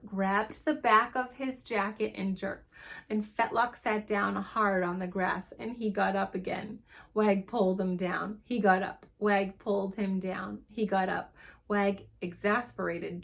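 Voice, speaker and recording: A teacher reading a chapter book aloud to young children, with expressive storytelling. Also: female voice, mid-range voice, a little slow, vocal fry.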